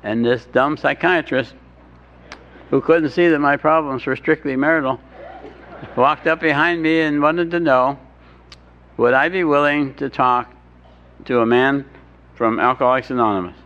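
With a medium pitch and a fairly bright tone, an older man speaks a little slowly, leaving long pauses as he shares his recovery story with a crowd. His humor is dry; he restarts often and acts out what others said in their voices, heard through a dull lo-fi recording with faint hiss.

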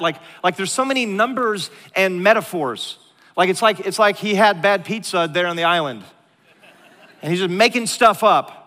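Animated pastor in a reverberant hall. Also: male voice, sits high. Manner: animated, joking storyteller who drops to a hushed tone for serious moments. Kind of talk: sermon. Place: large church hall.

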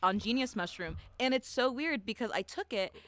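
A young woman co-hosting a podcast, telling a story in a chatty, profane way, full of "like" and quick laughs. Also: a little high, lively intonation, a bit bright. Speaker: podcast co-host. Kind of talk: casual chat.

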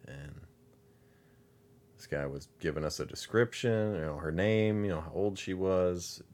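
Very deep-voiced laid-back man. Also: a little slow, darkish tone. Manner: laid-back storyteller with dry humor. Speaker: podcast co-host. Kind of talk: casual chat.

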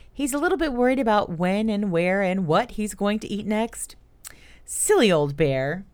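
Children's show host, woman, storytelling tone, very lively melodic delivery. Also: medium pitch. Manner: warm storytelling, speaks directly to young listeners. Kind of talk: children's music podcast talk.

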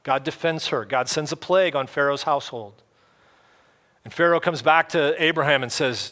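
A man's voice: medium pitch, fairly quick, bright, forceful tone. A man preaching a sermon as pastor, in a casual, conversational way with playful voices for the people in the story. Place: church.

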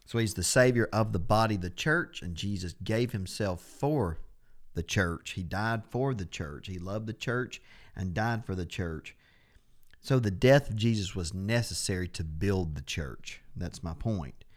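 A man's voice: sits low, measured pace. A man teaching a Bible study on a podcast, who stresses and repeats key words as he explains them. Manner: steady explaining, restarts phrases.

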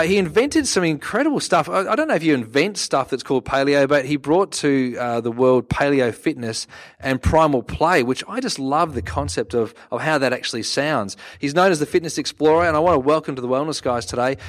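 A man's voice: on the high side, expressive, fairly quick. Chatty man hosting a podcast. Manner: chatty, joking, many fillers. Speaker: podcast co-host. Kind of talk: casual interview chat. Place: conference venue.

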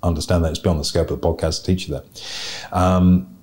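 A man's voice: sits low, little pitch movement, a little fast, a little mellow. A man hosting a podcast, giving blunt, opinionated, plain-spoken advice in a casual way. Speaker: podcast host giving property investment advice.

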